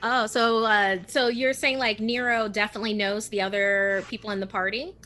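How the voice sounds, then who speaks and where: A woman's voice: mid-range voice, little pitch movement, normal speed, bright, forceful tone. A woman running a tabletop role-playing game, asking players to introduce themselves with frequent fillers. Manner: friendly, prompting players with questions, filler-heavy. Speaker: game master.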